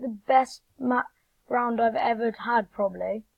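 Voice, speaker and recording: Excitable woman gamer, gravelly lo-fi voice. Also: on the high side, moderate pace, dry recording. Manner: excitable, talks straight to viewers. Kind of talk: live gameplay commentary.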